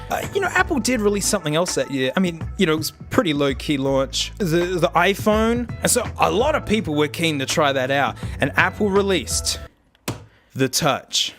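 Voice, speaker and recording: A young man talking casually in a tech review vlog, excitable and jokey, with loud bursts of laughter. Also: high-pitched. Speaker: tech video host.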